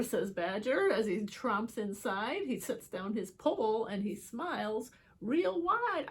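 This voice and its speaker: A woman reading picture books aloud to children, expressive, with chatty asides to her young viewers. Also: a little high, slow pace, hardly any pauses, husky. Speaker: children's book reader. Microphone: holds book up to camera.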